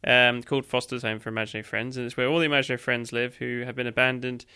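A man's voice: medium pitch, level tone, racing, sharp tone, smooth. A man co-hosting a casual chat, talking enthusiastically and rambling with fillers. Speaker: podcast co-host. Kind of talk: casual chat reviewing a cartoon.

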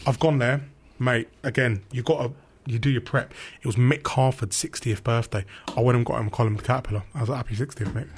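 A young man, a football radio reporter telling animated anecdotes in casual chat and acting out quotes. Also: mid-range voice, quick pace, breathy edge.

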